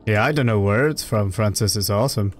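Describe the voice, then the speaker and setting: A man commenting live as he plays a video game, excitable and joking, with sudden yelps. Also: on the low side, brisk, soft background music. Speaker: game streamer. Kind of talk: casual live-stream commentary while gaming.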